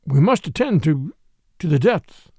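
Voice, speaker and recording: A man's voice: a little high, big pitch swings, measured pace, vocal fry, no room sound, exaggerated voice. A man voicing a blunt, hot-tempered army captain who speaks sharply and curtly in a storybook reading. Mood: shaken. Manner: sharp, curt, contemptuous.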